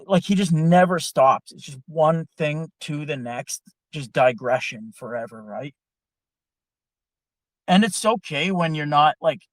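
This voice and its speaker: A man's voice: medium pitch, dry recording. Profane, exasperated storytelling man. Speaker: podcast host. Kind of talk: casual storytelling.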